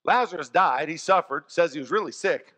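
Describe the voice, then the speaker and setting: High bright-voiced man preaching. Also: fairly quick. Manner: animated storytelling, swings from soft to loud. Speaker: pastor. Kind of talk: sermon. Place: church. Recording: long church reverb.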